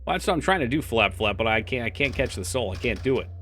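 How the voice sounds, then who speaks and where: A man's voice: medium pitch, fast, faint music behind. Casual, swearing male game streamer. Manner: chatty, swears casually, answers chat; reads game files aloud in a flat voice. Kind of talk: casual gaming stream chat.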